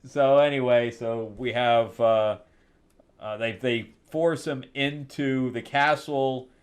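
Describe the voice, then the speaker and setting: A man's voice: mid-range voice, fairly even intonation, slow pace. Rambling, sarcastic male comic reviewer. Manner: rambling, sarcastic, laughs often. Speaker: comic book reviewer, host. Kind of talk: casual review chat.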